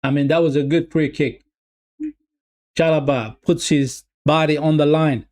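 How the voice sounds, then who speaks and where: Fan streamer, male, slightly high voice, excitable and repetitive, addresses viewers as "people". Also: measured pace. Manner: calls the play loosely, repeating himself. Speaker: watch-along streamer. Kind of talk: live football watch-along commentary.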